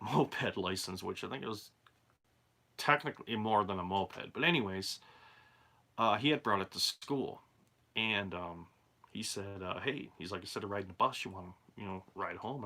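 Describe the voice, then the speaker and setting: A man's voice: on the low side, sharp tone. A man telling a true haunted-house story in a rambling, conversational way, full of asides. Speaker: channel host and storyteller. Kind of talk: casual spoken true ghost story.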